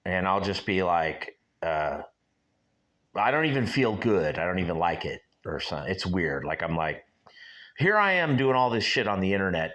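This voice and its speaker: A man in his sixties hosts his own show in a casual solo vlog, musing aloud in a rambling way and speaking straight to his viewers. His voice is low with a fairly bright tone.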